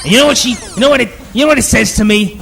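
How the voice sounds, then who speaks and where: A man voicing a stand-up comic who builds up a story, then shouts the punchline. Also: very high voice, rapid-fire, gravelly, music in the background. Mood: ranting.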